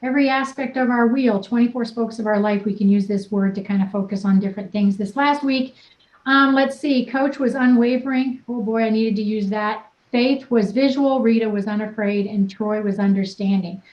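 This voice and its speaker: A woman's voice: on the high side, moderate pace, echoey room, lo-fi sound. A woman wellness coach leading a group session, talking in an upbeat, playful, encouraging way.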